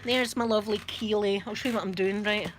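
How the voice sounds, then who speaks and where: A woman's voice: medium pitch, fairly even intonation, a little fast, a little hiss or hum. A Scottish woman chatting casually to a live audience from her rocking chair at home, rambling and laughing often. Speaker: YouTube live streamer.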